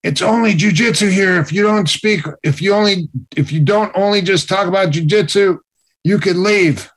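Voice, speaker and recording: A man's voice: sits high, normal speed, voice pushed up. A man voicing a stern jujitsu gym instructor who lays down the rules in a raised, warning tone.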